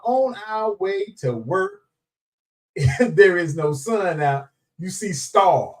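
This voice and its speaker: A man with a high voice and slow pace hosts a casual live stream, greeting viewers by name, joking with them, and laughing often. His manner is animated and playful, in Southern Black vernacular, and his voice sounds somewhat removed from the mic.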